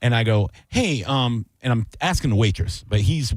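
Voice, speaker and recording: A man co-hosting a casual radio aftershow, telling animated stories and acting out quotes. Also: mid-range voice, moderate pace, no echo, clean studio sound. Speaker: radio show co-host. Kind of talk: casual radio chat, storytelling.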